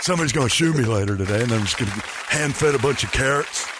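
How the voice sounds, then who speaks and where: A man's voice: mid-range voice, lively intonation, racing, crowd noise, background noise, close to an everyday voice. A man impersonating a rambling, eccentric older male actor with odd non sequiturs. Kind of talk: comedy radio impression.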